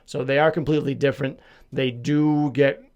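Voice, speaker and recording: A man's voice: mid-range voice, steady tone, moderate pace, darkish tone, clean tone, lo-fi sound. A man from Massachusetts hosting a solo podcast, chatting casually in a rambling, self-deprecating, jokey way with a slight lisp. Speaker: podcast host.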